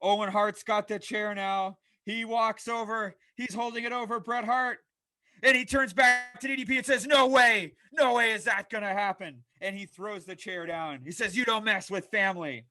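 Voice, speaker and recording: A man hosting a fantasy wrestling show, narrating the matches play-by-play with energy that rises to shouts at big moments. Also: high voice, fairly even intonation, moderate pace.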